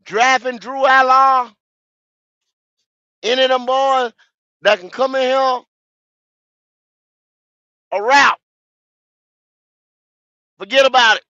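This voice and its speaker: A man, hosting a fan podcast, ranting in a profane, repetitive way with sudden shouts. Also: very high voice, dry recording, highs cut off. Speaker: podcast host. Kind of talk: football fan podcast rant.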